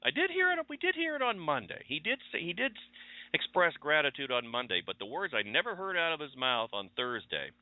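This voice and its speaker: A man's voice: fairly high pitch, huge pitch swings, brisk, no room sound. Man rambling on a tinny line. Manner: rambling, conversational storytelling. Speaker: radio show host. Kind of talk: casual chat monologue. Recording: tinny phone-line audio.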